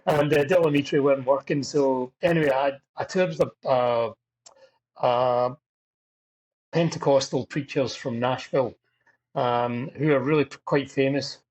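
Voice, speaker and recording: A middle-aged Scottish drummer, chatting as a guest in a casual interview, rambling through stories with self-deprecating humor. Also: male voice, medium pitch, fairly even intonation, measured pace, a little mellow, rough recording. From Scotland.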